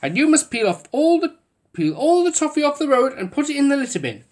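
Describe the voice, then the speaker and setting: A woman reading a storybook aloud, voicing a helpful grown-up man with a calm, practical manner. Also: sits high, brisk, voice pushed up. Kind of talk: storybook voice acting.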